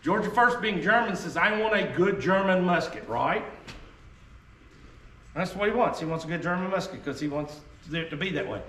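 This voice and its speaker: Man, folksy joking history presenter, slightly high voice, recorded from a distance. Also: expressive, moderate pace, pauses often, fairly bright tone, a little hiss or hum. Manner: folksy, joking, tangent-prone storyteller. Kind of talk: casual teaching talk to an audience. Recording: echoey room, mic far off, faint ambience.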